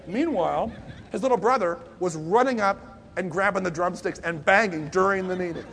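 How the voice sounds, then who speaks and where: A man giving a conversational sermon, a lively storyteller who swings between hushed and loud emphasis and makes self-deprecating asides. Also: high voice, moderate pace, slight background noise.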